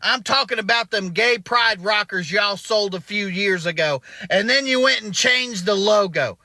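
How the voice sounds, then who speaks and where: A man's voice: sits high, moderate pace, sharp tone, no room sound. A comedian playing an indignant man ranting about a restaurant. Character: angry Southern male restaurant regular. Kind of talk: comic monologue.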